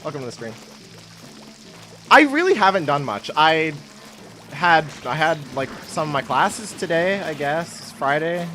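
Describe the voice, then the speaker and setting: Young male streamer, bright tone, faint music behind, rambling and self-mocking. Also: fairly high pitch, big pitch swings, a little slow. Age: young adult. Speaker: game streamer. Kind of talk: casual live-stream chat.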